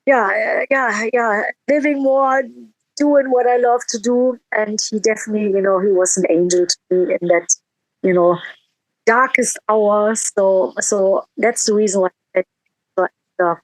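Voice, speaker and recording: A woman's voice: medium pitch, unhurried, no echo, poor audio. A woman musician in a casual interview, telling a heartfelt story with quoted dialogue and frequent restarts.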